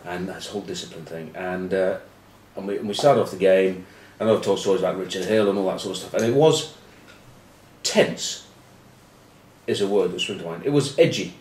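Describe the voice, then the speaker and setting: A middle-aged man telling rugby stories and giving predictions, wry and self-mocking, often trailing off into quiet asides. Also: low-pitched, moderate pace. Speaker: rugby pundit. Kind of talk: anecdotal storytelling preview. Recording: echoey room with faint ambient noise.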